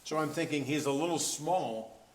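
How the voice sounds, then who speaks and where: A man's voice: a little high, moderate pace. A man being interviewed as a musician, telling stories in a casual way with wry, self-deprecating humor. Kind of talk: casual anecdotal storytelling. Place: event venue, indoors. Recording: roomy echo, faint background noise.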